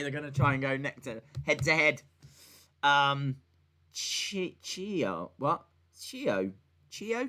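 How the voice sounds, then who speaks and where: A slightly high, sharp-toned man hosts a casual stream reacting to wrestling, reading out viewer messages. He rambles and jokes, using lots of fillers and restarts, and talks back to viewers and a voice assistant.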